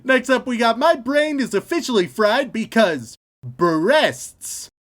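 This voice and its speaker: Man, podcast co-host, animated pitch, teasing, casual comedic chat. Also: takes it slowly. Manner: teasing, runs game segments.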